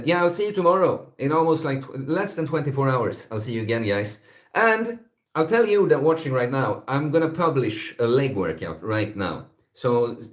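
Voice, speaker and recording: A man from Sweden, chatting casually on a livestream, rambling and hesitant with lots of fillers. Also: fairly low pitch. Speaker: streamer, fitness content creator.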